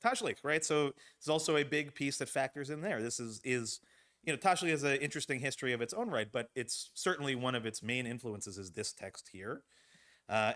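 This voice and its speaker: A man's voice: medium pitch, animated, fairly quick, fairly bright tone. A man leading a text study as rabbi in a synagogue, talking conversationally and often checking in with "right?". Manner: conversational, checks in with frequent tag questions. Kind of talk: teaching a text study session. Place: synagogue sanctuary.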